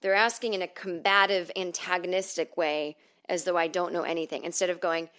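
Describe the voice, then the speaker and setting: A woman's voice: fairly low pitch, fairly even intonation, brisk, fairly bright tone, smooth. Middle-aged woman, podcast host, sarcastic, profane, comedic storytelling monologue, recorded at home. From northern United States.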